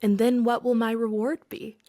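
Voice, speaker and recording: A woman voicing a relaxed, smiling male fisherman in a parable, asking his questions gently. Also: on the high side, moderate pace, dry recording, clean studio sound, pitched above the performer's own voice, natural voice. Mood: serene.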